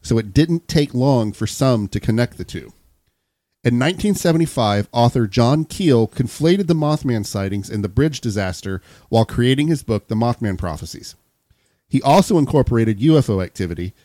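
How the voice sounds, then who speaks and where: A man's voice: medium pitch, moderate pace, dry recording. A man hosting a podcast, reading a story from a script between banter with friends. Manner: steady storyteller, laughs often.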